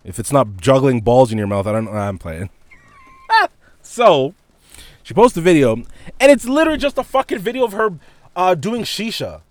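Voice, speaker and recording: Profane, animated young man ranting. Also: mid-range voice, brisk, no room sound. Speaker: podcast host. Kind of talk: casual solo rant. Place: indoors with heavy rain outside.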